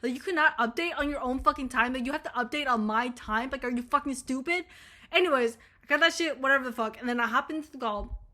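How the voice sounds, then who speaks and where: A young woman talks straight to camera in a loose, rambling storytime vlog, with swearing all through it. Her voice sits a little high and sounds bright and forward, and she swings into lively retellings of what she said and thought. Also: quick pace. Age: young adult. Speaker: vlogger.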